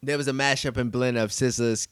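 A man's voice: medium pitch, fairly even intonation, fairly quick, clear, resonant tone, dry recording, studio quality. A man co-hosting a casual podcast chat, laid-back and introducing segments to his co-hosts. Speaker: podcast co-host.

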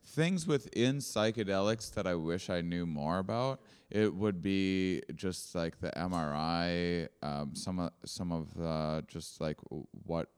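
A man in a casual podcast chat, asking curious, halting questions. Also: sits low, clean tone, big-room sound.

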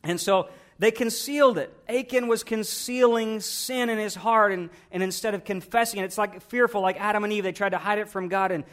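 A man with a fairly high voice delivers a sermon as a pastor. He talks to the congregation in a loose, conversational way, with rhetorical questions and frequent repeated words. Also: fairly even intonation, a little fast, few pauses, fairly bright tone.

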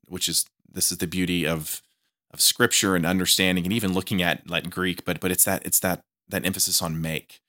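Eager and brisk, this deep-voiced host keeps a steady, pushed, bright tone, recorded with no echo in a small studio. He interviews a podcast guest casually, often stumbling and starting his words over.

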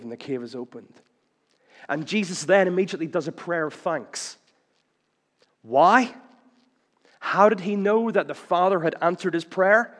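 A man preaching a sermon, swinging between loud declarations and hushed lines, with playful rhymes and punchy questions. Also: high voice, normal speed, long reverb tail.

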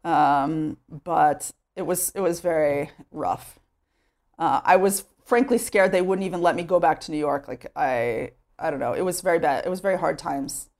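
A woman from Texas with a somewhat low voice talks through her life story in a relaxed interview. She is recorded at home and leans on "like" as she goes. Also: moderate pace. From Sherman, Texas, US. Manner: chatty, with many "like" fillers. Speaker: interview guest.

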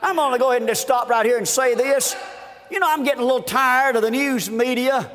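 A man preaching a fervent revival sermon, shouting and repeating his refrains, recorded at a conference. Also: very high-pitched, fast talker, long reverb tail. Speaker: guest preacher.

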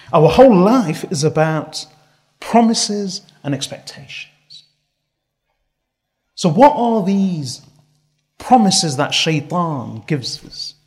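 A man delivers a sermon in a somewhat high voice. He recites Arabic verses and translates them, pressing hard on each point. He builds his ideas into long repetitive lists. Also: darkish tone. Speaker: preacher.

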